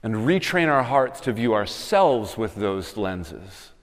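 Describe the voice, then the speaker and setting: Low-voiced male pastor in a reverberant hall. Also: sing-song, slow pace. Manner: storytelling, building to emphatic appeals. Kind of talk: sermon. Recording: long reverb of a church hall.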